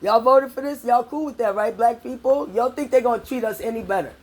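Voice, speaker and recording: A woman's voice: fairly high pitch, a little fast, darkish tone. A middle-aged woman from New York delivering an angry, profane political rant to her viewers, repeating herself for emphasis. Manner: profane, emphatic, repetitive, addresses viewers as y'all. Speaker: political vlogger.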